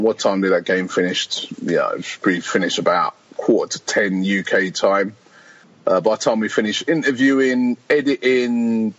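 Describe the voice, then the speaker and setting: A man's voice: lowish voice, highs cut off. A man, a podcast guest chatting casually and rambling through stories, quoting people as he goes. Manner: rambling storyteller, quotes people, laughs often. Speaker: podcast guest, fan channel founder. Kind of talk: casual chat.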